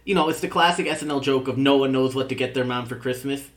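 A man at an ordinary middle pitch talks through a recap in loose, casual chat. He laughs often and leans on "uh" as he restarts his thoughts. It sounds like easygoing podcast banter. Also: fast talker, echoey room. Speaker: podcast co-host reviewing sketch comedy.

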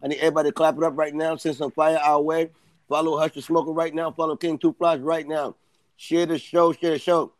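A man's voice: on the high side, level tone, a little fast, no echo. A man co-hosting a live roast stream, talking in brash, crude, teasing hype banter.

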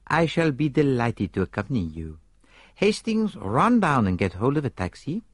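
A man's voice: medium pitch, sing-song, moderate pace, slightly rough, no room sound, voice pushed up. Poirot, a man playing a courteous old detective. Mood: polite. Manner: polite and formal. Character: courteous elderly male detective, smiling.

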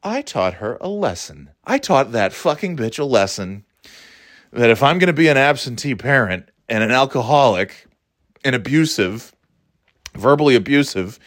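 A man's voice: mid-range voice, sing-song, normal speed, a bit bright, no echo, studio quality, voice pushed up. A man voicing a crude, spiteful alcoholic mother. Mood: smug. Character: nasty drunken mother, shouting and spiteful.

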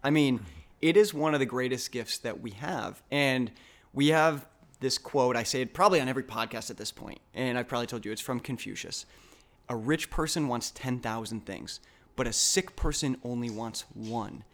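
A man's voice: mid-range voice, moderate pace. A man hosting a wellness podcast who talks in an earnest, upbeat, optimistic way. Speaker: podcast host. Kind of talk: casual conversation.

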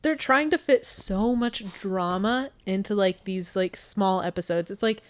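An American woman with a mid-range voice hosts a casual true crime podcast, speaking a little slowly. She chats with lots of fillers and laughs often.

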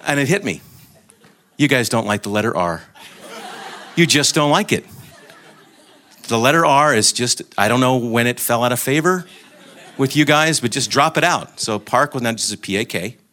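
A man's voice: medium pitch, expressive, moderate pace, pauses often, sharp tone. A man giving an informal talk to a group, telling anecdotes and joking, with frequent restarts. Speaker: guest speaker.

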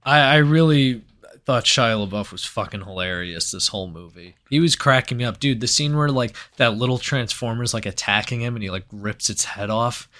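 A man's voice: medium pitch, moderate pace. A man co-hosting a casual movie review podcast, swearing freely and acting out scenes from the film. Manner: laid-back, swearing, acts out movie lines loudly. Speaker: podcast co-host.

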